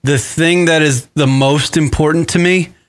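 A man's voice: on the high side, fairly even intonation, measured pace. A man co-hosting a radio show, bantering in casual chat with a profane, sardonic manner. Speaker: podcast co-host.

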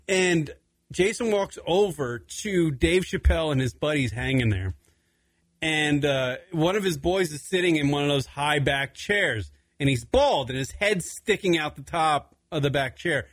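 A man's voice: on the high side, normal speed, no echo. A young adult man hosting a radio talk show, telling a long story casually, swearing freely and laughing as he goes. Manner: animated, swearing often, laughing through the story.

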